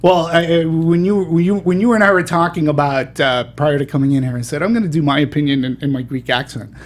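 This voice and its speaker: Playful male movie-show host. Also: on the high side. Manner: playful, halting with many restarts and fillers. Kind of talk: casual panel chat.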